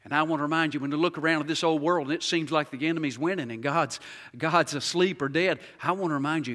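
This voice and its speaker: High-voiced preaching man in a hall. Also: animated, brisk. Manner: preaching with rising shouts and quiet hushed passages. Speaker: pastor. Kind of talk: sermon. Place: large church sanctuary. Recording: reverberant hall.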